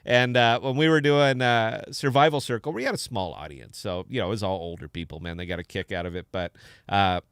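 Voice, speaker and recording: A man casually chatting as host of a stream, laughing often and tagging his lines with "man". His voice is bright and ringing. It sounds dry and close, with no room sound. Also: fairly low pitch, a little fast, clean tone, dry recording. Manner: laid-back, laughing, says "man" a lot. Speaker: podcast host. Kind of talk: casual chat.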